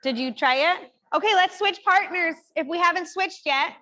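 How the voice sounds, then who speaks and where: Woman physical therapist, high voice, upbeat chatty coaching in a studio class. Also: moderate pace, sharp tone. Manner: upbeat, chatty coaching cues with frequent "like" and "right?". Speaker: physical therapist leading a workshop. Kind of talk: live exercise coaching. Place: fitness studio group class.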